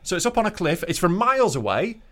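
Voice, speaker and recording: A man co-hosting a comedy podcast in casual, rambling chat. His voice sits a little high and swings widely as he loses the thread and laughs along the way. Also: big pitch swings, fast talker, a bit bright. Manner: rambling storyteller who keeps getting sidetracked, laughs often. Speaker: podcast co-host.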